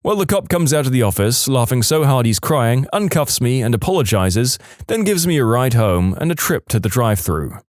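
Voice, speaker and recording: A man narrates reader-submitted stories for a podcast, close on a studio mic. His pitch swings widely as he tells each one, in a lively storyteller style. The sound is dry, with no room around it. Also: normal speed, few pauses, no echo.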